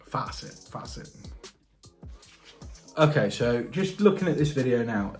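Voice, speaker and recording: A man's voice: mid-range voice, lively intonation, moderate pace, a little mellow, soft background music. A British man, a plumber and channel host, chatting casually in a reaction vlog, thinking aloud and asking viewers questions. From United Kingdom.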